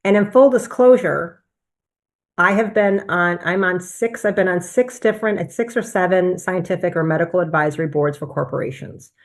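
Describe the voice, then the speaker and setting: A woman with a somewhat low-pitched voice recounts a personal experience, animated and conversational. She speaks as a physician addressing a business presentation and tells the story with plenty of energy. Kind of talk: personal testimonial talk.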